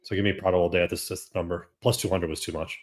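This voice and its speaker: A man with a very low voice sits on a casual betting panel. He explains his pick quickly and rambles a little as he goes. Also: little pitch movement. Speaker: sports bettor on the panel.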